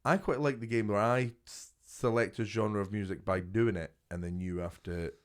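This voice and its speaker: A man's voice: lowish voice, steady tone, moderate pace. A man co-hosting a comedy podcast in casual chat, jokey and teasing, breaking into laughter often. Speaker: podcast co-host.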